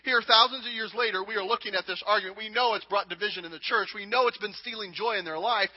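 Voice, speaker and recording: A man's voice: high-pitched, fast. A man in his thirties preaching a sermon as a pastor, earnest and repeating phrases for emphasis. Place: church sanctuary. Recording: dull reverberant church hall recording.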